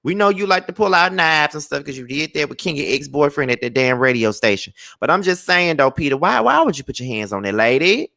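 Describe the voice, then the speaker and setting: A man hosting a live celebrity gossip chat, sassy and animated, scolding with sudden high exclaims and drawling "child" and "honey". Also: fairly quick, vocal fry, hardly any pauses, dry recording. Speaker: gossip show host.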